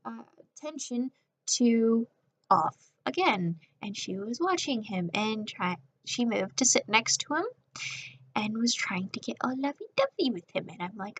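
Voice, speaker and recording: A young woman with a somewhat high voice tells a casual, rambling storytime over a speedpaint. She is sarcastic and keeps jumping into raised voices to quote people. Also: animated, unhurried, a bit bright, a little hiss or hum.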